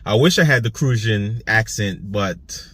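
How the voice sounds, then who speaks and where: Speaking at a measured pace in a lowish, fairly bright voice over a dry recording, a young food delivery driver and vlogger from Saint Croix, US Virgin Islands, chats with his audience in a casual self-filmed vlog. He has an Antiguan accent and rambles, repeating himself and laughing between thoughts.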